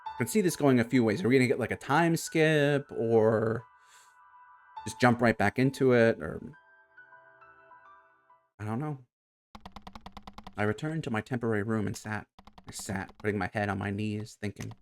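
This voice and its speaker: A man's voice: lowish voice, normal speed, long pauses. A man reading a game's story aloud as narrator, stopping to react and chat about it. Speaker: game streamer. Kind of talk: reading a game aloud with commentary. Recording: clear music bed under voice. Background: game music.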